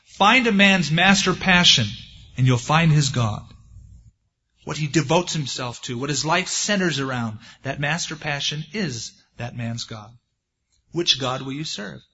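A man preaching a sermon, retelling scripture in a folksy storytelling way and acting out the quotes. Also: on the high side. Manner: folksy storytelling, acts out quotes with lively swings. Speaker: pastor. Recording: dull lo-fi sermon recording.

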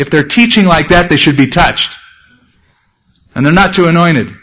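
A man preaching a sermon as a pastor, speaking earnestly and slowing down to read scripture. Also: on the high side, expressive, pushed and bright, low-quality recording.

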